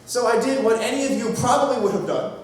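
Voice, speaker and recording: A young man narrating a comic story to a live audience, mock-grand and theatrical, with sudden shouted lines. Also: extremely high pitch, quick pace. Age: young adult. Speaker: narrator of an a cappella comedy skit. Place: performance hall. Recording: roomy hall from far off, crowd.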